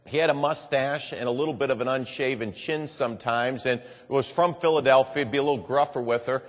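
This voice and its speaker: A man's voice: medium pitch, brisk. A man telling a story in earnest to a live audience. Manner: earnest storytelling, repeats "and boy". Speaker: public speaker. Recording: long hall reverb.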